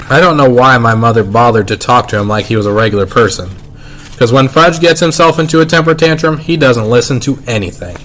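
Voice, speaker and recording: A man reading a children's novel aloud in first-person narration, unhurried and plain. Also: mid-range voice, fairly bright tone, a little hiss or hum. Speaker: reader.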